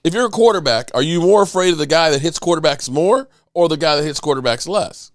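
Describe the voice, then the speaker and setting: A middle-aged man hosts a loose, rambling sports talk show and greets viewers by name. His pitch swings around a lot as he talks. The sound is dry and close, with no room echo. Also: lively intonation, fast. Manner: rambling, chatty, with shout-outs to viewers. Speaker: podcast host. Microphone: desk microphone.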